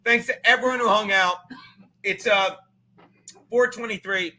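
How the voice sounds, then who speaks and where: A man hosting a loose live show, joking loudly and swearing freely as he banters with guests. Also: high voice, steady tone, unhurried, a little hiss or hum. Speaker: host.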